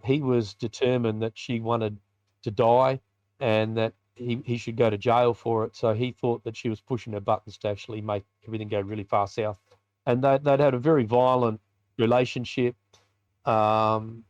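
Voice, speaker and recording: A man's voice: medium pitch, steady tone, normal speed, darkish tone, no room sound, dull audio. An Australian man, a biker ministry leader, telling a personal story in a podcast interview in a colloquial, vivid way and acting out the dialogue.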